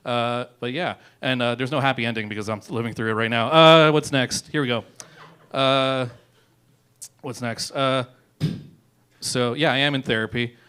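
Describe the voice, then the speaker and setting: Young male comic, mid-pitched, rambling delivery full of fillers and curses. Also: steady tone, normal speed, long pauses, sharp tone, clean tone. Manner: rambling, filler-heavy, swearing, laughs at own jokes. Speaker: comedian. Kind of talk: stand-up comedy set.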